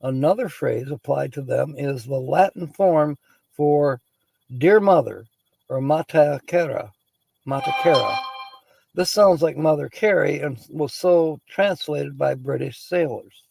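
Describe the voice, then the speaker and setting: A man's voice: fairly high pitch, unhurried, vocal fry, darkish tone, slight background noise, rough recording. A man hosting a livestream, reading word origins aloud, chatting casually, laughing often and greeting viewers by name. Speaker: livestream host.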